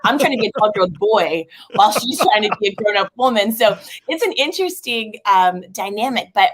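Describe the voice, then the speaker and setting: Bubbly fast-talking woman telling stories. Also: mid-range voice, animated. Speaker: guest, marketing expert and author. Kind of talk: casual storytelling chat.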